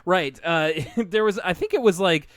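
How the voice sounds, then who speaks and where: A man co-hosting a podcast in a casual, joking way, laughing often between points. His voice sits slightly high for a man. The sound is dry and close to the mic. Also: normal speed, a bit bright, no room sound. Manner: chatty, laughs often, jokey. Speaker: podcast co-host. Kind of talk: casual chat.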